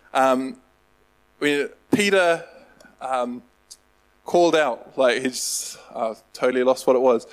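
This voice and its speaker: A man's voice: a little high, low-quality recording. A man preaching a casual sermon, rambling and self-deprecating, with lots of fillers. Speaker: pastor.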